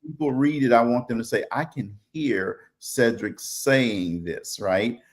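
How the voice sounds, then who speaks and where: A man from Louisiana co-hosting a casual livestream chat over a video call, relaxed and talking with fillers. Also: medium pitch, unhurried. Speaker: co-host and co-author.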